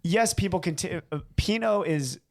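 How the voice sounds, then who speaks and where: A man co-hosting a cycling podcast in casual chat, animated and joking, often laughing. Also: high-pitched, normal speed. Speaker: podcast co-host.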